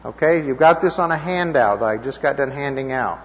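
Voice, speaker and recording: A man giving an informal Bible teaching to a live group, conversational and checking in with his listeners, his voice a little hoarse. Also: medium pitch, moderate pace. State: slightly hoarse. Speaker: preacher teaching a class. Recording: dull lo-fi recording in a reverberant hall.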